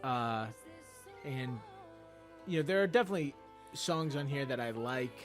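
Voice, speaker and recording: Animated man chatting about music. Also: mid-range voice, normal speed. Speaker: music review co-host. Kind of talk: casual album review chat. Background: album playing faintly.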